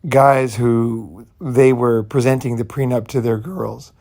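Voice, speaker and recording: A man's voice: mid-range voice, fairly even intonation, takes it slowly, vocal fry, a little mellow. A man hosting his own channel, talking in a loose, rambling way and leaning on "you know" and "right" while speaking bluntly and sometimes profanely. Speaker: channel host. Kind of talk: casual rambling monologue.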